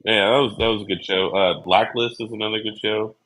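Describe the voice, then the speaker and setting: A man with a very deep voice chats casually. He is relaxed and unhurried, pausing on fillers. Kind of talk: casual chat.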